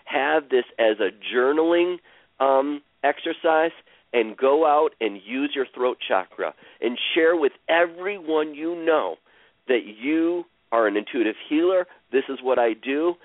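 A man guiding a caller through an emotional healing session, speaking slowly and soothingly and repeating phrases. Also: mid-range voice, dry recording. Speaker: healer guiding a caller on a radio show. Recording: dry, tinny phone-like radio sound.

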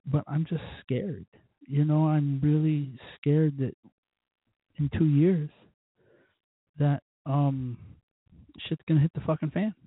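A man's voice: fairly high pitch, steady tone, slow pace, long pauses, husky, dry recording, narrow, tinny audio. A man hosting his own podcast, talking in a rambling, self-deprecating way and cursing constantly. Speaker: podcast host. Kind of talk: rambling, profane solo podcast talk.

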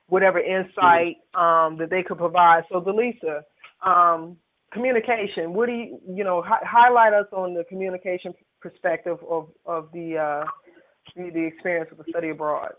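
Host on a tinny phone line. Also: female voice, fairly low pitch, steady tone, moderate pace. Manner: rambling, many fillers and restarts. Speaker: panel host. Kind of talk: radio panel discussion over a phone call. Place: on a phone call.

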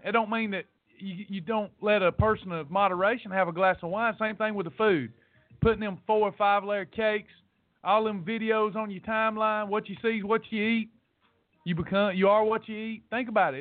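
A man's voice: sits high, normal speed, no room sound. A man hosting a weight loss podcast, ranting bluntly and scolding his listeners, repeating points for emphasis. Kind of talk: preachy motivational rant. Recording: tinny phone-like audio.

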